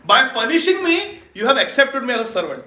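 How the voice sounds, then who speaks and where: A man voicing a contrite male devotee who speaks softly and humbly, begging forgiveness. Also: very high voice, sing-song, a little fast, heavily acted. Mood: grateful. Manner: soft, meek and apologetic. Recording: roomy hall, distant mic.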